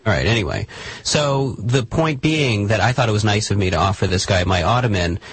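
A man's voice: fairly low pitch, lively intonation, brisk, breathy edge. A man in an improvised comedy sketch, talking in a hesitant, flustered, stammering way. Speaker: comedic performer.

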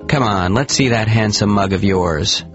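A man's voice: fairly low pitch, normal speed, lo-fi sound, faint music behind, lightly acted. A man voicing a sly, hungry stranger who speaks in a wheedling, falsely friendly way.

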